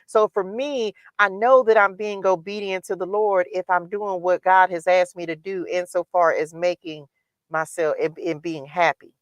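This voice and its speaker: A woman's voice: fairly low pitch, fairly even intonation, normal speed, dry recording, muffled recording. A woman hosting a livestream, giving a candid spiritual motivational talk about her own faith, told in a repetitive, testifying way. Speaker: livestream host. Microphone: livestream microphone.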